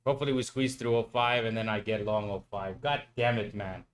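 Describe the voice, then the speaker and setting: A man's voice: lowish voice, a little fast. A man streaming live futures trading who talks to himself, swears and pleads with the market, exasperated at his own mistakes. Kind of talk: live trading commentary to viewers.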